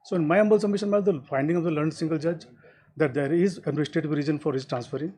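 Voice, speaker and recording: A man presses his legal case before a bench at a rapid clip. His voice is dark and husky, and he tucks a deferential "my lord" into almost every phrase, in the cadence of formal court submission. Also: fairly high pitch, poor audio. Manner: formal, keeps adding "my lord". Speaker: advocate arguing before a bench.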